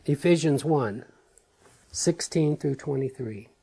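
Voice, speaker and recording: A man's voice: medium pitch, slow, creaky, dark tone, husky. A man preaching a sermon in an earnest, emphatic way, repeating phrases for stress.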